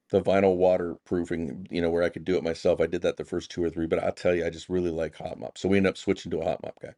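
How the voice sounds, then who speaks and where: A man, a contractor and pastor, telling stories casually as a podcast guest, acting out the dialogue in animated bursts with folksy phrasing. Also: sits low, no room sound, clean studio sound. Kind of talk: casual storytelling interview.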